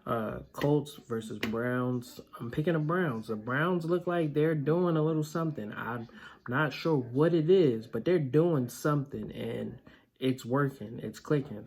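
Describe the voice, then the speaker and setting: A man's voice: medium pitch, a little slow, a little mellow. A man hosting a casual sports picks vlog, blunt and opinionated, with plenty of filler words. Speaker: vlog host.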